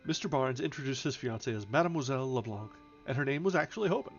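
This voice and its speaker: A man's voice: mid-range voice, lively intonation, fast talker, lightly acted. A man reading the lines of a cordial society woman who is eager and insistent, on a dull recording with faint music behind.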